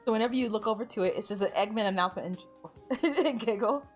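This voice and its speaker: A woman's voice: fairly high pitch, fast talker, soft background music. A woman from the United States chatting casually while gaming on stream, giggling often and rambling through lots of filler words.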